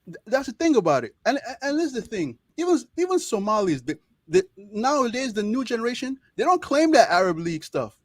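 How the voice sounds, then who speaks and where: A young Nigerian-accented man, a medical student appearing as an interview guest, speaks in an extremely high pitch with big swings and a slightly quick pace. He's passionate and emphatic, repeating words to drive his points home in a casual interview conversation. The studio recording is clean with no echo.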